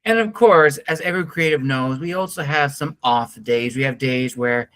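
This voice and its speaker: A man hosting an interview, asking polite, measured questions with formal phrasing. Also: medium pitch, fairly bright tone. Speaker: interview host.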